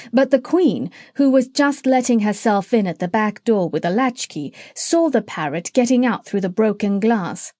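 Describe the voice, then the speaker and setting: A woman's voice: medium pitch, warm tone, no echo, clean studio sound. A woman narrating a children's classic audiobook, reading aloud and switching between character voices. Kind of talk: storybook narration.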